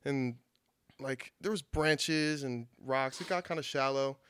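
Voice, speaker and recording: A young man chats casually on a podcast in an easygoing voice of middle pitch, telling his stories with a loose, filler-heavy rhythm and the odd curse. The sound is dry and close, with no room echo. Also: a little slow, fairly bright tone, smooth. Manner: laid-back storytelling, many fillers and swearing. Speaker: podcast guest. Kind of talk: casual chat.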